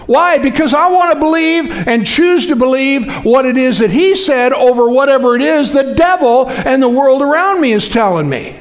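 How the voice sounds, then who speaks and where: A man preaching a sermon as pastor, in a folksy, conversational way full of fillers that builds up into shouted emphasis. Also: very high-pitched, expressive, moderate pace, hardly any pauses.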